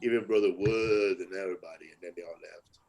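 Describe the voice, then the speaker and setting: A man's voice: sits low, fairly even intonation, fast talker, a little mellow, low-quality recording. A man hosting a podcast, telling stories in casual street slang, swearing and acting out angry quotes. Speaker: podcast host. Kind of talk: casual storytelling chat.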